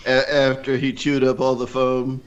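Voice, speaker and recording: A man's voice: medium pitch, completely flat delivery, moderate pace, smooth, highs cut off. A man joining a casual livestream chat as a guest, joking and laughing as he swears casually.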